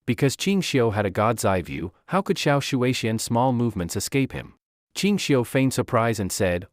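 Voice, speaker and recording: A man giving expressive scripted narration of a novel. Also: mid-range voice, moderate pace, dry recording, studio quality.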